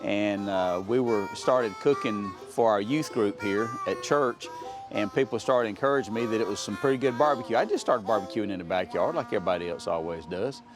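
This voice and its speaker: Low-voiced man, barbecue owner, unhurried, music bed. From Alabama. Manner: unhurried, down-to-earth.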